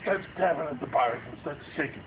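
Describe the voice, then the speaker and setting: A man's voice: on the high side, fairly quick. A man telling a spooky story to family around a bonfire at night, acting out the panicked lines of the people in it. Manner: lively, acts out the characters' panicked lines. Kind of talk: animated spooky campfire storytelling. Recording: tinny, noisy home video.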